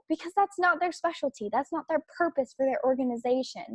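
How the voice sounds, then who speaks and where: A young adult woman delivers an opinion podcast monologue in a slightly high voice. She presses her points with repetition and stumbling restarts. The sound is close and dry, with no room around her. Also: quick pace, hardly any pauses, no room sound. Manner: emphatic, repetitive, with filler restarts. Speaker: podcast host.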